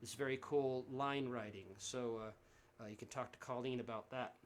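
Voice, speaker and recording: A man's voice: medium pitch, fairly even intonation, moderate pace. A man, a singer-songwriter from Central Texas, chatting casually between songs during a livestream concert from home, rambling and friendly with plenty of fillers and restarts. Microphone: livestream setup.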